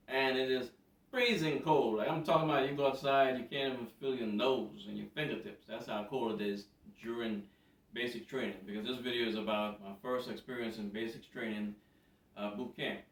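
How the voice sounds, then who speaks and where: A man telling a story in a casual, animated way to a camera, repeating words for emphasis. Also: medium pitch, moderate pace. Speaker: vlogger. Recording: roomy, distant from mic.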